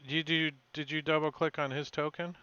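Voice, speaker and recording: A man acting as game master in a casual online tabletop session, thinking aloud with halting restarts. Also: on the high side, flat delivery, bright, forceful tone, smooth, lo-fi sound.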